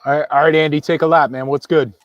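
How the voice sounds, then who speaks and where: Male podcast host, slightly high voice, dry close mic, stammering, upbeat. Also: flat delivery, fast talker, no room sound, highs cut off. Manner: stammering, upbeat, often laughing. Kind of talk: casual chat.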